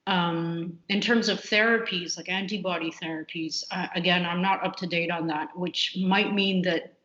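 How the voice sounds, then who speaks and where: A woman with a fairly low voice answers interview questions in a loose, candid way, stumbling through fillers and restarts. Her voice carries a roomy echo. The audio is muffled and lo-fi. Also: fairly even intonation, normal speed, fairly bright tone. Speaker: computational biologist guest.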